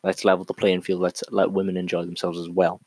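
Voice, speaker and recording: A man's voice: low voice, completely flat delivery, brisk, a little mellow, no room sound, low-quality recording. A man talking through an argument on his own in a casual monologue, thinking aloud with frequent restarts and fillers.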